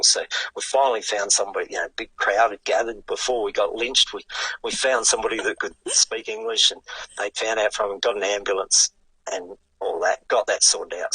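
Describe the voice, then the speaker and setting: Husky older Australian man spinning a yarn. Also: lowish voice, dry recording, poor audio. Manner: animated yarn-spinning with casual swearing. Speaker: guest, retired sidecarcross racer. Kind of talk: casual storytelling.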